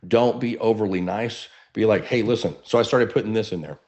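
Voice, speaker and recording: Brief: Texan man, low baritone, high-energy webinar coach, dull lo-fi sound. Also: a little fast. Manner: energetic, animated, casual. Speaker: real estate coach. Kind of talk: webinar teaching. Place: standing, moving around while speaking.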